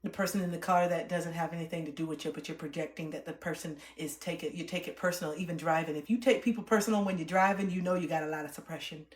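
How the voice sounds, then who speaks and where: A woman's voice: low voice, steady tone, fast talker, few pauses. A woman livestreamer ranting in a blunt, profane, confrontational way. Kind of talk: livestream rant. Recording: roomy echo.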